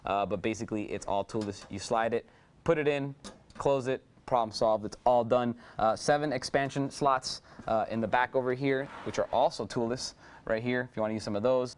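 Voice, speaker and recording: Male presenter, quick eager sales patter, middle pitch, casual demo delivery. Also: clear, resonant tone. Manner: enthusiastic salesy patter with many fillers. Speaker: product presenter. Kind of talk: unscripted product demo.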